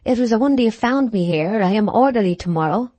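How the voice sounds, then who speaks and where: A man's voice: sits high, expressive, quick pace, a little mellow, dry recording. A cool, evasive young soldier, as a female reader voices him. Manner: cool, offhand, noncommittal. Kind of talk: audiobook character reading.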